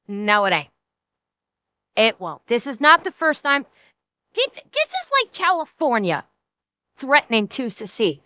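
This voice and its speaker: A woman streamer giving emphatic, animated reaction commentary, swearing freely. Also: on the high side, clean tone, no echo.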